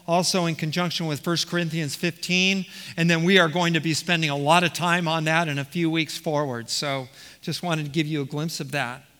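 High, bright-voiced man preaching in a hall. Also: fairly even intonation, normal speed, clean tone. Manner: teaching verse by verse, reading quotes aloud, with repeated restarts. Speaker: pastor. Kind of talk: expository sermon. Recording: reverberant hall.

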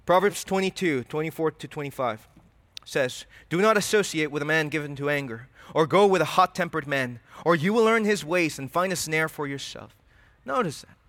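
Bright-voiced man preaching a sermon. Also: on the high side, animated, normal speed, dry recording. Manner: reads scripture aloud, then explains it animatedly. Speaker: pastor.

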